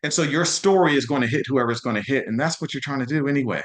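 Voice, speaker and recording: A man in his thirties coaching real estate agents in a lively, conversational motivational talk, often restarting and acting out quotes. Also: medium pitch, rapid-fire. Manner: energetic, conversational, many restarts and acted-out quotes. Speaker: guest speaker, real estate social media coach.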